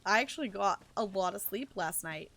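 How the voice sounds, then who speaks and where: A woman's voice: mid-range voice, animated, moderate pace, a bit bright. A woman game streamer chatting casually as she plays, thinking aloud and laughing often. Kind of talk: casual chat while playing a game.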